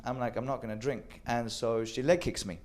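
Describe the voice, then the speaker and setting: A man telling a wild personal story with animated delivery, acting out quoted lines and swearing freely. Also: mid-range voice, a little fast. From Sweden. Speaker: storyteller on a comedy show. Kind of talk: live comedic storytelling.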